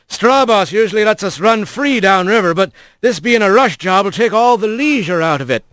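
A man's voice: sits high, lively intonation, moderate pace, fairly bright tone, no echo, pitched above the performer's own voice. A man voicing an easygoing, witty male otter bosun who jokes with the crew in a storybook reading. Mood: wry. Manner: jovial and wry.

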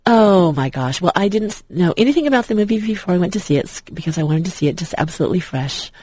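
Man, husky voice, rambling fan chat, dry close sound. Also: high voice, expressive, fast talker, a little mellow, dry recording, rough recording. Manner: rambling, with many restarts and fillers. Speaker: guest.

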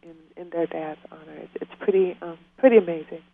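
This emotional interview features a female author speaking sincerely from the heart, often near tears or laughing. Her voice is fairly low and gravelly, and she talks a little fast. The audio comes through a tinny phone line.

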